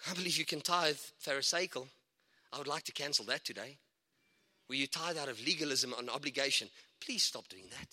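A man preaching a lively sermon as a guest speaker, excitable and chatty, with asides and laughter between points. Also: medium pitch, brisk. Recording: long hall reverb.

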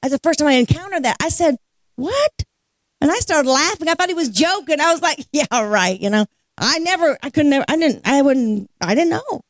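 A woman's voice: sits high, expressive, fairly quick, dry recording, studio quality. A woman leading worship at a church service, telling a testimony as a storyteller with a preacher's cadence and laughing as she talks. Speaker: guest worship leader. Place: church sanctuary.

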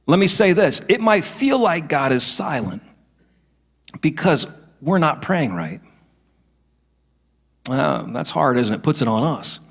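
A middle-aged male pastor preaching a sermon, moving between hushed asides and emphatic declarations. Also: mid-range voice.

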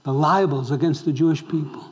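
A man preaching a sermon as pastor, asking the congregation questions and moving between loud emphasis and hushed tones. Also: fairly high pitch, a little fast. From raised Roman Catholic. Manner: swings between loud exclamations and hushed near-whispers.

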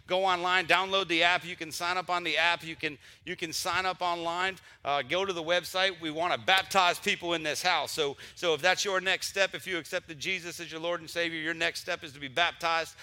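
Bright-voiced male pastor leading prayer. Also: fairly high pitch, fairly even intonation, a little fast, few pauses, smooth. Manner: warm, emotional, repetitive restarts. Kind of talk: church announcements and prayer. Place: church sanctuary during service.

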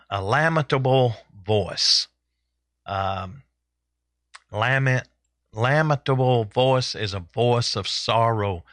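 A man preaching a sermon in a deliberate way, repeating phrases for emphasis. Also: fairly low pitch, fairly bright tone, dry recording.

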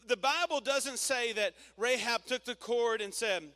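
A man's voice: extremely high pitch, normal speed, gravelly, few pauses, pushed and bright. A man preaching a sermon, telling a story and calling on the congregation to repeat phrases back. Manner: storytelling, call-and-response with congregation. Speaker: pastor.

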